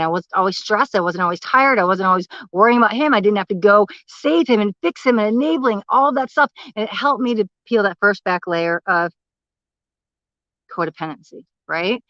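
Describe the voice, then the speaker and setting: A woman's voice: medium pitch, brisk, a bit bright, dry recording. A young woman coaching on a livestream, telling her own story in a candid, emotional way. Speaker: spiritual life coach. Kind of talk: livestream talk. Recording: slightly muffled, lo-fi livestream audio.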